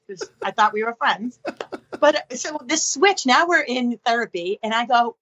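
A woman's voice: on the high side, moderate pace, lo-fi sound. A woman from the area, a podcast guest explaining ideas and acting out little scenes in voices. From Boston area. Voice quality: expressive, acts out dialogue in voices. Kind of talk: animated podcast explanation with acted-out anecdotes.

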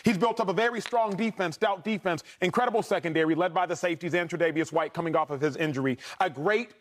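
A man hosting a sports debate show, talking in an energetic, emphatic way and steering the conversation. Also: sits high, quick pace. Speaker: sports talk show host.

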